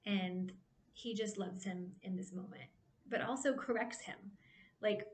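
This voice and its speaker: A woman giving a casual devotional Bible talk, retelling the stories in a chatty, animated way and checking in with "right?". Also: medium pitch, measured pace, a little hiss or hum. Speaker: Bible study speaker. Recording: roomy echo.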